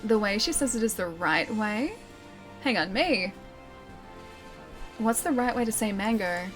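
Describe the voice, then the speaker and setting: A woman's voice: mid-range voice, expressive, unhurried, faint music behind. A young Australian woman chatting casually while streaming a game, reading chat aloud and laughing often. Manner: chatty, giggly, reads chat aloud and answers.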